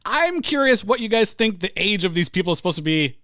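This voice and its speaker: A man's voice: high voice, very animated, fast, bright, forceful tone, no echo, clean studio sound. A man co-hosting a casual film-review podcast, wry and easygoing, laughing often. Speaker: podcast co-host.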